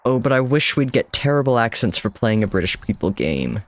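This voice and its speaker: A man's voice: medium pitch, sing-song, brisk. A man streaming a game with casual, chatty commentary, wry and self-deprecating, swearing now and then.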